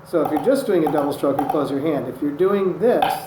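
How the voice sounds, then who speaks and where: A man's voice: on the high side, fairly quick, over music. A man teaching drumming technique, patient and methodical, calling out strokes as he demonstrates them. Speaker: drum instructor. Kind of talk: instructional demonstration. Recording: echoey room with loud noise. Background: drumming on a practice surface.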